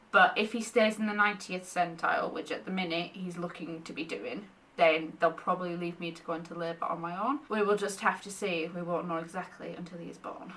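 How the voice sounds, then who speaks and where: A woman's voice: lowish voice, sharp tone, recorded from a distance. A young woman in pregnancy, chatting casually to camera and often short of breath, laughing between thoughts. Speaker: vlogger sharing pregnancy updates.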